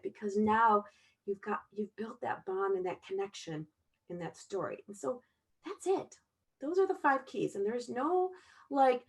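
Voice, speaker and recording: A middle-aged woman giving a casual sales training talk, chatty and warm-toned, checking in with "okay?" after almost every point. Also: a little high, very animated, moderate pace. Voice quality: chatty, repeats "okay?" often.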